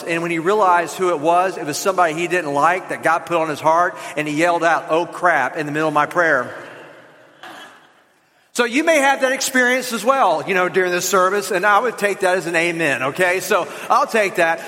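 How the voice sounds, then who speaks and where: A man with a Southern American accent preaching a lively, joking sermon to his congregation in a church. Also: high voice, a little fast, in a large hall. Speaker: pastor. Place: church sanctuary.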